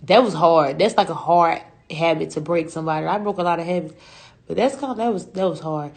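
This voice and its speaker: A young woman talks on a livestream in a slightly low voice. She rambles through her story, swears often and uses a lot of slang. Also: brisk, gravelly, darkish tone. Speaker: rapper.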